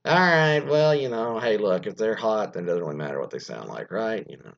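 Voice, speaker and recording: A man's voice: fairly low pitch, animated, a little fast, gravelly. A man hosting an online radio show, chatting casually and rambling through an article with fillers, asides and the odd curse. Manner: rambling, many fillers and trailing asides, mildly profane. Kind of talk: casual solo talk, reading an article aloud with comments. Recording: lo-fi muffled sound.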